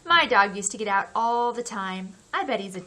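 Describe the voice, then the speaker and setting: Brief: woman narrator as a chatty neighbor in a storybook, casual and rambling, bright tone. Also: mid-range voice, expressive, moderate pace.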